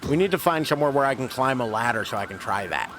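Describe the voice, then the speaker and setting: A man's voice: medium pitch, lively intonation, fast talker, a bit bright, slight background noise. A man streaming a video game, chatting casually to viewers, rambling and self-deprecating with casual swearing. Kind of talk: casual let's-play commentary.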